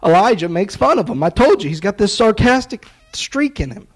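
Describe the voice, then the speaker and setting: A man's voice: sits high, big pitch swings, fairly quick, few pauses, husky, poor audio. A man preaching a sermon, retelling a story with acted-out dialogue and sarcastic asides.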